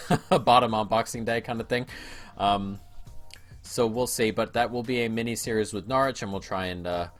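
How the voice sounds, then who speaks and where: Guy narrating his football game for viewers, casual talk, gets loud and excited on goals. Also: fairly low pitch. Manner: chatty play-by-play, bursts of excitement at goals. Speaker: gaming video creator. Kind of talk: casual let's-play commentary.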